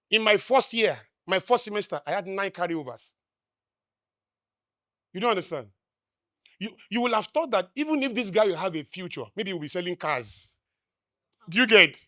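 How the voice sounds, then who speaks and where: A high-voiced Nigerian motivational speaker preaches about success live on stage, speaking Nigerian-accented English. He's emphatic, throwing rhetorical questions at the crowd and swinging between loud declarations and quiet asides. The sound is clean studio audio without echo.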